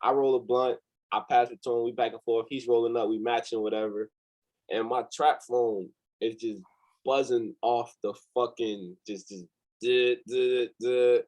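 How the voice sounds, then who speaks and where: Animated young man telling a story. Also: medium pitch, moderate pace, rough recording. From New Jersey. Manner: animated, swears freely, acts out quotes. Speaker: interview guest, company founder. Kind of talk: casual storytelling.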